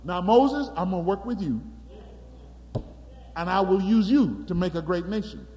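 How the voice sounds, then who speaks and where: God in a fed-up temper, emphatic and heated, his high, lively voice swinging widely as it rings through a long reverberant hall, as a preacher voices him in a sermon. The delivery stays exasperated throughout. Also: measured pace. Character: God, upset and angry with his people.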